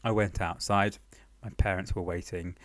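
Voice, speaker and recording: A young man telling a comic story about his life in a dry, deadpan, understated way, recorded at home. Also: sits low, moderate pace, dry recording. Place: home apartment.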